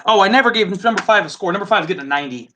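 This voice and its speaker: A chatty man with a Midwestern American accent hosts a casual live tasting. His voice sits high for a man and has a bright, forward edge. He muses aloud in a loose, easygoing way. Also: animated, rapid-fire, a little hiss or hum. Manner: chatty, musing aloud, laughs easily. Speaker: host.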